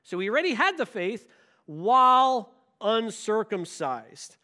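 A man's voice: high-pitched, very animated, a little slow, bright, forceful tone. A male pastor preaching a sermon, emphatic and full of rhetorical questions.

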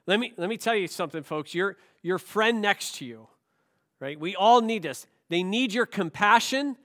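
A male pastor preaching a sermon. He asks rhetorical questions and swings between hushed, slow lines and loud, emphatic ones. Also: sits high, animated.

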